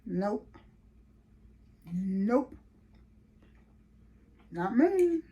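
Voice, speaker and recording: A woman's voice: mid-range voice, extremely slow. A middle-aged woman, casually telling a story in a vlog and acting out the voices of people she quotes. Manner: animated, lively retelling with quoted voices and laughs. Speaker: vlogger.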